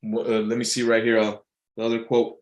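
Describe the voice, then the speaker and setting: A man's voice: fairly low pitch, monotone, fairly quick, poor audio. A man talking casually in a loose, repetitive monologue, reading out quotes and musing on them with many restarts and fillers. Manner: reads out quotes and muses on them.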